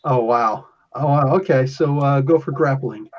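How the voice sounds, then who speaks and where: A man's voice: medium pitch, a little slow, darkish tone. A man acting as game master, describing the action in a casual, rambling way with restarts. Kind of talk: running a tabletop game session. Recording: lo-fi podcast audio.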